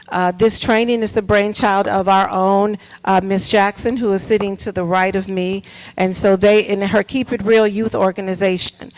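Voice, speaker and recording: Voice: medium pitch, rough recording. A school superintendent giving announcements at a public board meeting, emphatic and repetitive, quizzing the audience, into a table microphone. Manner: preacher-like, repeats key points, quizzes the audience.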